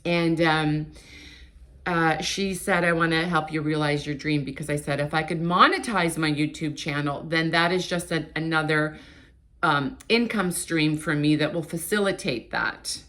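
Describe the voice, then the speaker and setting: A woman's voice: deep voice, moderate pace, a bit bright. A woman in her late fifties, born in Portugal and raised in Canada, talking candidly to her viewers in a rambling, open way with frequent restarts. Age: 50s. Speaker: YouTuber. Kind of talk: casual chat to camera.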